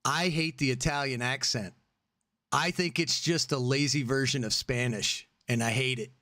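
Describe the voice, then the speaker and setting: A man co-hosting a podcast in casual chat, rambling and opinionated, breaking into loud laughter. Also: mid-range voice, moderate pace, no room sound, clean studio sound. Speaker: podcast co-host.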